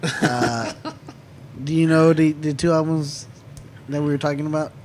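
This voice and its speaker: A man's voice: on the high side, fairly even intonation, unhurried, darkish tone, a little hiss or hum. A man co-hosting a podcast, steering the talk and quizzing the others. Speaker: podcast co-host. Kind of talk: casual chat.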